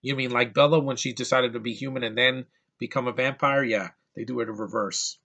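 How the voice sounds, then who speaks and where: Bright-voiced man ranting about a film. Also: medium pitch, steady tone, brisk, vocal fry. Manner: exasperated, profane, stumbling restarts. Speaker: movie reviewer.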